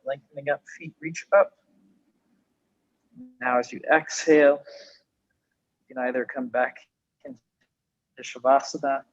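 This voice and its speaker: A man guiding a yoga class through postures and breathing, with calm, slow spoken cues and spiritual phrasing. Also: medium pitch, slightly rough, dry recording, muffled recording. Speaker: yoga instructor. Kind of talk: guided yoga class instruction.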